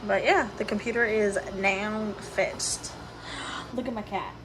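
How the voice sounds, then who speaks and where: A woman's voice: mid-range voice, fairly even intonation, takes it slowly, noisy background. A young woman chatting casually on a home vlog, swearing, laughing and ranting about her cat and her neighbors, filmed on a phone. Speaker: vlogger. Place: home, bathroom and office.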